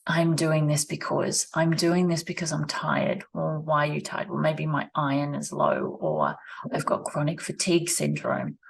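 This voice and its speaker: A woman, talking slowly and reflectively in a personal vlog, repeating her phrases as she thinks aloud at her rural home. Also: low voice, little pitch movement, vocal fry, slight background noise. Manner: slow, musing, repeats phrases. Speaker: vlogger. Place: rural home with animals nearby.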